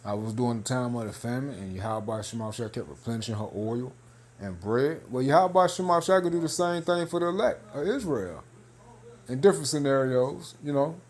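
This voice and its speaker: Man, mid-pitched voice, casual spoken commentary, reads news aloud, loose and joking, keeps saying man and hey. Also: fairly quick. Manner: loose and animated, peppered with 'man' and 'hey'; half-joking, laughing between points. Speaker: religious video commentator.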